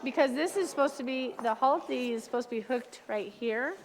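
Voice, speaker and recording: A woman dog trainer leading a hands-on class, giving brisk, direct commands to owners and their dogs. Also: high voice. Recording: long reverb from a large room.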